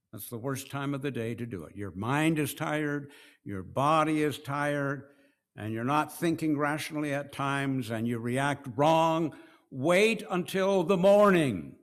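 A middle-aged man preaching a sermon, slow and deliberate, swinging between hushed and raised passages. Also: medium pitch. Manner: slow, with dramatic swings between soft and loud.

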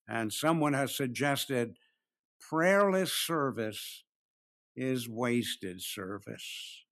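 A man preaching an expository sermon, slowing down to stress key phrases and acting out the quoted lines. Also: on the high side. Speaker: pastor.

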